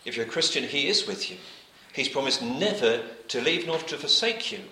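A man preaching a sermon, reading scripture aloud and repeating his points, often letting his phrases drop to a quiet close. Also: fairly high pitch, expressive, moderate pace, creaky, echoey room, slight background noise, poor audio.

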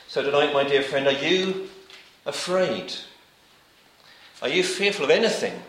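A man preaching a sermon, reading scripture aloud and repeating his points, often letting his phrases drop to a quiet close. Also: a little high, animated, measured pace, echoey room, rough recording.

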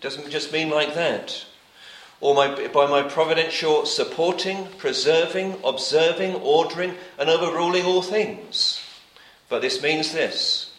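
Bright-voiced preacher man in an echoey hall. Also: fairly high pitch, a little slow. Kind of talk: sermon.

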